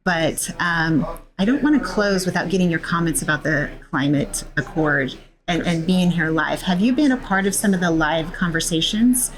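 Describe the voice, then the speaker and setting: A woman hosting a casual interview, upbeat and quick to affirm what her guest says. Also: fairly low pitch. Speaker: interview host.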